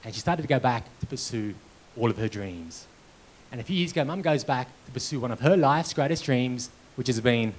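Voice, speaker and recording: Brief: keynote speaker, mid pitch, lively storytelling with comic timing. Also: male voice, normal speed, rough recording. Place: conference hall.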